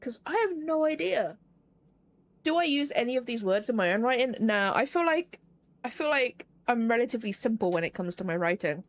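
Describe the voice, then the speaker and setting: Brisk and expressive, a woman with a slightly high voice chats her way through a puzzle game stream, with no echo. Her casual commentary rambles with fillers and is full of self-deprecating jokes.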